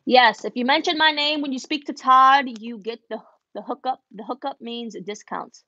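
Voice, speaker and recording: A woman's voice: sits high, steady tone, moderate pace, bright, forceful tone, no room sound, muffled recording. A woman who runs an embroidery business, chatting casually as she answers viewer questions and switches between English and Spanish, laughing at herself. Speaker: embroidery business owner answering live chat. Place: home embroidery studio.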